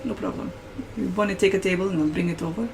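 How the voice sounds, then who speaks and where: A woman's voice: mid-range voice, steady tone, quick pace, vocal fry, music in the background, lightly acted. Woman doing a chirpy tiefling barkeep. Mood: friendly. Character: tall blue male tiefling barkeep, neat and obliging.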